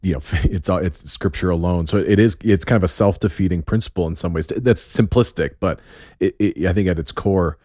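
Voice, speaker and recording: A man's voice: low voice, a little fast, mellow, no echo, clean studio sound. A man hosting a casual interview, thoughtful and enthusiastic as he asks questions. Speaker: podcast host.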